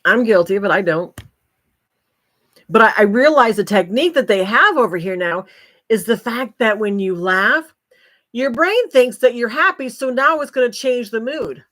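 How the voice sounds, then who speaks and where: A woman's voice: a little high, expressive, normal speed, a bit bright. An older woman hosting a livestream, chatting casually with viewers and breaking into folksy exclamations. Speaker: livestream host.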